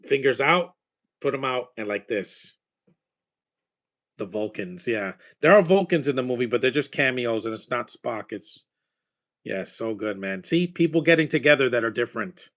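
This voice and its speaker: A man's voice: medium pitch, lively intonation, normal speed, a bit bright. A man chatting casually while watching a movie, rambling with enthusiasm about films and their scores. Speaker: movie watcher giving reactions.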